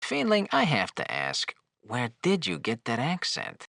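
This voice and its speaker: A floating skull with a smart mouth and no shame. His gravelly voice leaps from low grumbles to high, mocking squeaks, and he flirts and needles without pause. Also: huge pitch swings, bright, forceful tone, dry recording, studio quality, heavily acted. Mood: wisecracking. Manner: teasing, flirtatious, sarcastic banter. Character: wisecracking, leering floating male skull. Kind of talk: video game dialogue.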